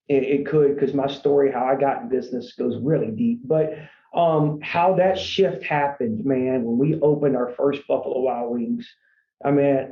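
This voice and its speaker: A man who runs a franchise company, guest on a podcast, telling his story in an earnest, rambling way and often saying "man". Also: mid-range voice. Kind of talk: casual storytelling interview. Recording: echoey room, dull lo-fi sound.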